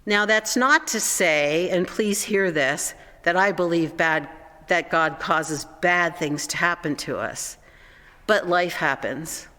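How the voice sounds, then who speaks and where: Slow-speaking pastor in an echoey church. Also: medium pitch. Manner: slow, gentle preaching, falling soft at phrase ends. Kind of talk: sermon. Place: church sanctuary.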